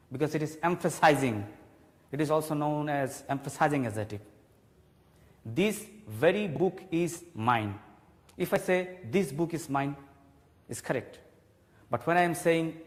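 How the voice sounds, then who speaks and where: A man teaching a televised grammar class, explaining slowly and repeating key points. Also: on the high side. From Bangladesh. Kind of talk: televised classroom English lesson. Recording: long hall reverb.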